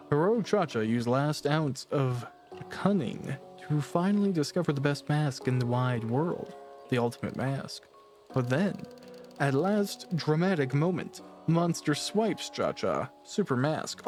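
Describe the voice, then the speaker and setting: A man's voice: fairly high pitch, sing-song, unhurried, darkish tone, faint music behind, pitched above the performer's own voice. A man voicing Cha-Cha, a small male masked creature who brags and exaggerates in broken pidgin. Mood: bragging. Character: bragging tall-tale-telling small male masked creature.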